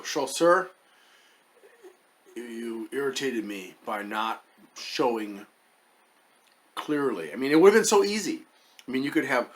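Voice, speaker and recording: A man casually reviewing chocolates as the host of his own channel, wry and hesitant, muttering as he tastes. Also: medium pitch. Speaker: food reviewer.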